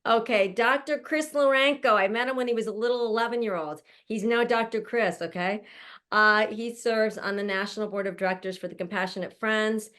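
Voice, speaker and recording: Speaking from home with her mother close by, a woman introduces each guest on an online panel she hosts. She's gushing and chatty, laughs a lot, and her medium-pitched voice is fairly quick and fairly bright.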